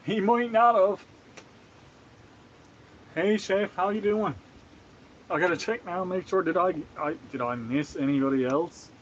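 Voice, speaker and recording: A man's voice: sits high, slow, pauses often, muffled recording, a little hiss or hum. A man from Canada chatting casually on a live stream while he cooks, laughing often and greeting viewers by name.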